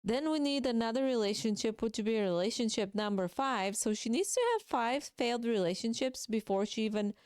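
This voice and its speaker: A woman's voice: fairly high pitch, brisk, hardly any pauses, a little mellow, smooth, dry recording, studio quality. A woman giving casual, chatty commentary over her own gameplay, reacting emotionally and talking to viewers. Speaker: gaming video creator.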